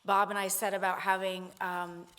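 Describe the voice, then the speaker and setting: A woman addresses a conference audience in an earnest, steady way. She often restarts phrases and fills gaps with "um" and "uh" as she works through her points. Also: medium pitch, moderate pace, clear, resonant tone. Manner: earnest, repeats phrases, many fillers. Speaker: conference speaker. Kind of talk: conference panel speech.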